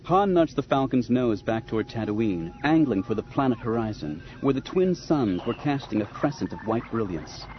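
A man narrating an audiobook in a measured, expressive storytelling manner. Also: mid-range voice, dull audio. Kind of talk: scripted narration.

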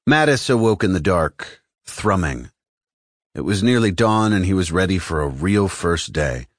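A man reading an adventure novel aloud as the audiobook narrator, in an expressive storytelling manner. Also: low-pitched, measured pace, dry recording, studio quality. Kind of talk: scripted narration.

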